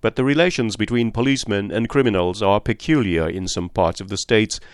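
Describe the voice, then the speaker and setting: Brief: male audiobook narrator, low voice, dry close recording. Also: clean tone, dry recording. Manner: steady, measured reading.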